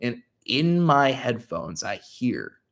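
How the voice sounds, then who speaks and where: A man's voice: medium pitch, sing-song, takes it slowly, gravelly. A young adult man on his channel, telling a story casually and animatedly, full of filler words. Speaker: YouTuber.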